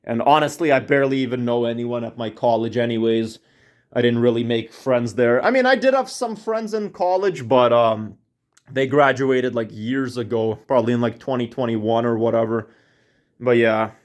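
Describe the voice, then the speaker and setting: A young man vlogging from home, rambling and complaining, with lots of fillers and sudden jumps in pitch when he gets annoyed. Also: normal speed. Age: young adult. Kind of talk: casual ranting monologue. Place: at home indoors.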